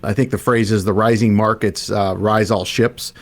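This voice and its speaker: A man's voice: on the low side, fairly even intonation, moderate pace. A man from Arizona, a financial planner, talking loosely on a radio show with many "you know" fillers. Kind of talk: radio talk show chat.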